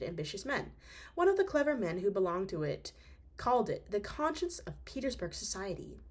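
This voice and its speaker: A young woman reading a classic novel aloud, breaking off for slangy, chatty asides. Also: mid-range voice. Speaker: audiobook reader.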